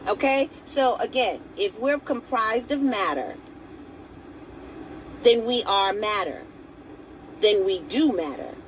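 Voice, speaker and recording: A woman's voice: mid-range voice, expressive, takes it slowly, pauses often, a little hiss or hum, low-quality recording. A woman giving a motivational talk to camera as a self-help vlogger. She speaks earnestly and coaxingly, asks viewers direct questions and greets some of them by name.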